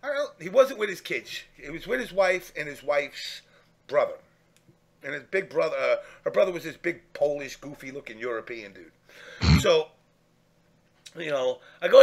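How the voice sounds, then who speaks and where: A man telling a profane, animated story in casual chat, acting out the people he quotes. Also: on the high side, moderate pace, vocal fry.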